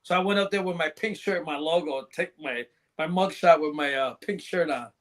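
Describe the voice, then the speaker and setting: A man's voice: a little high, moderate pace, fairly bright tone. A man on a podcast as a guest, telling rambling, profane anecdotes in casual chat and laughing along.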